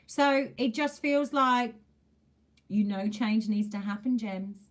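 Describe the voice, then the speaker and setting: A woman's voice: a little high, slow. A woman gives a casual, chatty tarot reading straight to camera. She talks emphatically, driving her points home by repeating phrases, and she drops in the odd mild swear word. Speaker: tarot reader.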